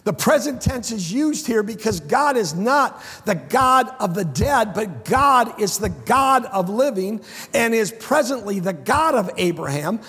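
Male preacher, husky, high voice, emphatic sermon delivery in a hall with long echo. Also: big pitch swings, a little slow. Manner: emphatic, swings between hushed and shouted; repeats phrases for stress. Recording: echoey hall with long reverb.

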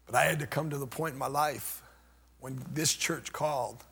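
Impassioned older male preacher, gravelly. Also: mid-range voice, normal speed, big-room sound. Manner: impassioned, rising to shouts then dropping to near whispers. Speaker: pastor. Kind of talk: sermon.

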